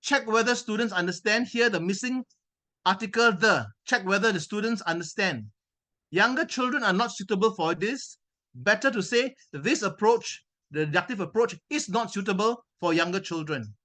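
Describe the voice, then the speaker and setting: A man on a video call presenting a grammarian's report at a speaking club meeting, correcting phrases in a measured way and repeating words for emphasis. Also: high-pitched, sharp tone.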